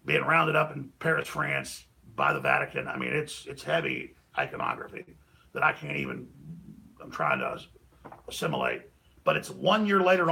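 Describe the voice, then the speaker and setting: A middle-aged man hosting a talk show, delivering a heated political rant that swings between loud outbursts and low mutters. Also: gravelly.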